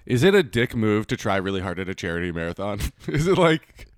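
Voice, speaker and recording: Wry joking man, lively pitch. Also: brisk, dry recording, clean studio sound. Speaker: podcast co-host. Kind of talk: casual podcast chat.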